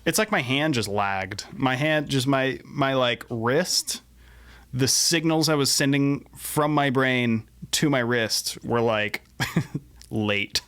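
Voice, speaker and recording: A mid-range male voice at a slow pace comes through heavy background noise, including guitar and drum playback. He's a musician building a song on camera in his home studio, chatting in a laid-back, self-deprecating way and sometimes tripping over his words.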